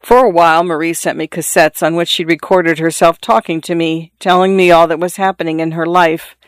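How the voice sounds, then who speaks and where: Smooth, higher-voiced male audiobook narrator. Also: dry recording, studio quality. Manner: measured, even storytelling delivery. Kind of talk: scripted literary narration.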